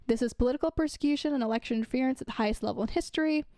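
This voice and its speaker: Woman, young adult, casual news commentary, chatty asides, quick delivery, dry recording. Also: high-pitched, warm tone, no room sound. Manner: chatty, reads quotes then adds asides with fillers.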